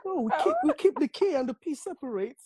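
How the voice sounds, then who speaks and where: A man's voice: very high voice, very animated, quick pace, a little mellow, no echo. A man from Nigeria with a Nigerian accent, a singer chatting as a guest in an easygoing way with frequent restarts. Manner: easygoing, chuckling, restarts often. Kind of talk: casual interview chat.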